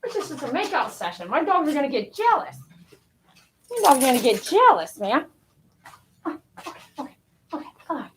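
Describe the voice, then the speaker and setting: A woman's voice: sits high, big pitch swings, moderate pace, long pauses, a little hiss or hum. A woman dog groomer on a live stream, cooing affectionately as she talks to a dog. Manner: cooing, affectionate talk to a pet.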